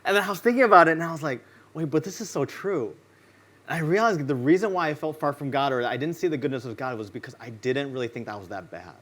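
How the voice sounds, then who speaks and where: A man preaching a sermon in a relaxed, conversational way, telling personal stories and acting out what people said in them. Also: medium pitch, rapid-fire, few pauses. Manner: casual, conversational storytelling; acts out quoted lines in his stories. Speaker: pastor. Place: church.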